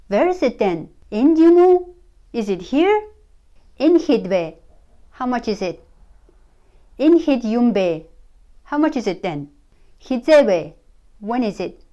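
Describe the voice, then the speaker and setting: Woman teaching pronunciation, slightly high voice, slow and careful, says every example over and over. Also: dark tone, dull audio. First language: Mongolian. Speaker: language teacher. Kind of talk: pronunciation lesson.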